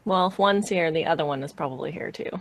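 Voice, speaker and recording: Woman, tabletop player, eager, questioning, low pitch. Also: fast talker. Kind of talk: casual chat during a tabletop game.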